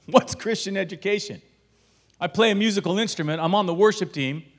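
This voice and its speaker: A middle-aged man telling a personal story, acting out the dialogue and swinging from hushed asides to shouted lines. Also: a little high. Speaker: guest telling his story. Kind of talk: animated storytelling.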